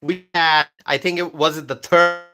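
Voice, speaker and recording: Bright-voiced male live streamer, emphatic. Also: fairly high pitch, steady tone, normal speed, faint music behind. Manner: repetitive, emphatic, reads viewer comments aloud. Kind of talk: casual political commentary live stream.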